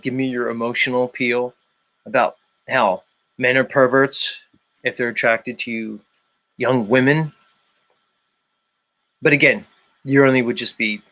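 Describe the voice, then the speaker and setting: A man's voice: mid-range voice, pushed and bright. A man hosting a livestream in a casual chat, reading out viewers' names and arguing his points. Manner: reads out chat names, argumentative. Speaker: livestream host.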